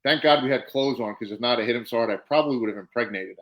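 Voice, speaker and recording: A man's voice: mid-range voice, very fast, lo-fi sound. Storytelling man, casual podcast chat. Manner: animated storyteller, acts out quotes. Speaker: podcast co-host, former wrestler.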